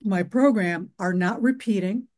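A woman's voice: medium pitch, measured pace, a little mellow. A woman client explaining her business situation on a coaching call, hesitant, with many fillers.

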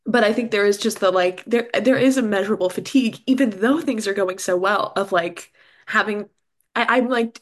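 A woman's voice: mid-range voice, normal speed. A woman guest in a casual chat. She talks with lots of likes and ums and laughs often.

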